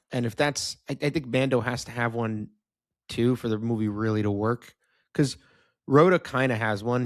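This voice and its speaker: A man's voice: mid-range voice, no room sound, clean studio sound. A man co-hosting a film podcast, giving his opinions in a candid, offhand way and swearing casually. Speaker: podcast co-host. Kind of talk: casual film review chat.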